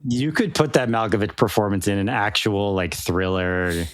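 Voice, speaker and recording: Deep-voiced man in casual chat. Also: normal speed, no echo. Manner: rambling, enthusiastic, many restarts and fillers. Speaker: podcast co-host.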